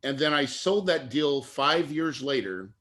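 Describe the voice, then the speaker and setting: A middle-aged man telling a heartfelt personal story as an interview guest, earnest and animated, getting choked up at times. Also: medium pitch, a little slow, a little hiss or hum. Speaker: guest investor.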